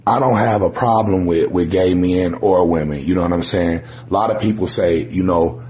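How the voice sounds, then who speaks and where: A man's voice: low voice, moderate pace, hardly any pauses, slight background noise. A middle-aged man speaking earnestly and casually, often checking in with "you know". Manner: earnest, relaxed, with repeated "you know what I'm saying". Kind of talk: casual podcast chat.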